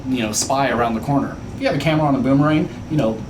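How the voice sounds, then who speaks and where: A man's voice: mid-range voice, racing, echoey room, noisy background. A man co-hosting a podcast, chatting casually and telling stories with jokes. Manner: animated, jokey storytelling. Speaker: podcast co-host. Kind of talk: casual chat.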